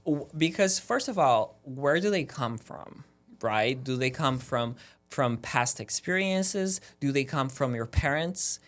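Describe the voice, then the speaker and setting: A man speaks as a podcast guest in a relaxed, earnest way, pushing a motivational point. His middle-pitched voice sounds like his everyday voice, and he strings his thoughts together with frequent "like"s. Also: slow. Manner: earnest, motivational, rambling with many "like"s. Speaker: guest, esthetician. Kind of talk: casual podcast chat.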